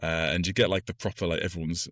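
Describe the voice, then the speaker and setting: A man's voice: sits low, level tone, racing, a bit bright, no room sound, clean studio sound. A man co-hosting a podcast, giving an enthusiastic, explanatory film review with frequent laughter. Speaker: podcast co-host. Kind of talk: casual film review chat.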